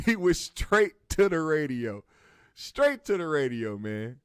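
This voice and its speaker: A man hosting a comedic talk show who tells stories in a profane, animated way and slips into lots of voices. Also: medium pitch, moderate pace, smooth, dry recording, studio quality. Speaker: host.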